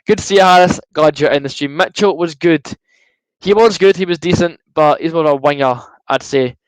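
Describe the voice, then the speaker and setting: Young guy doing a chatty match stream, bit higher voice, dry close sound. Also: normal speed, smooth, no echo, low-quality recording. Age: young adult. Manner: chatty, reads out viewer comments, bursts into excited shouts at goals. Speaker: fan streamer hosting a live watchalong. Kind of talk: casual live commentary and chat.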